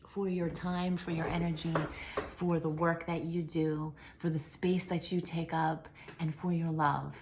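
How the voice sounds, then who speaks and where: Woman, slightly hoarse, soft spiritual message, slow and low-pitched, faint room hum. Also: level tone. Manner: slow, gentle, affirming, sometimes dropping to a whisper. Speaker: spiritual channeler. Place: at home.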